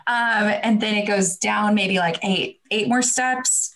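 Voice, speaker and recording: A woman's voice: mid-range voice, slow pace, a bit bright, rough recording. A woman from the Midwest, a podcast guest on a video call, telling a story in a chatty way with many fillers and restarts. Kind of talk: casual storytelling.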